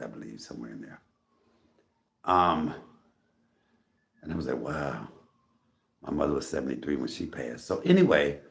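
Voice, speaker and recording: Man, middle-aged, deep voice, gravelly, coughing, casual livestream chat, phone on a tripod at home. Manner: chatty, greets viewers by name, coughing between phrases. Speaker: livestream host. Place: home room.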